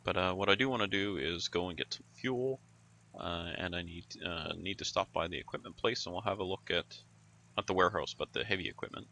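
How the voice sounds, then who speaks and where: A man's voice: sits low, a little fast, pushed and bright, a little hiss or hum. A man giving casual, rambling commentary while playing a video game, musing aloud with plenty of fillers. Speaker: gaming YouTuber.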